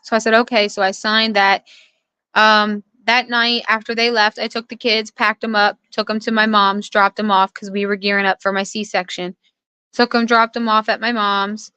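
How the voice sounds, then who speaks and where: A young woman speaks as an interview guest, earnestly walking through what happened and quoting the people involved. Her voice is bright and smooth, held in a narrow, even pitch range. The sound is dry and close. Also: normal speed, no echo. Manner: earnest, recounts events with quoted dialogue. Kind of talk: personal account in conversation.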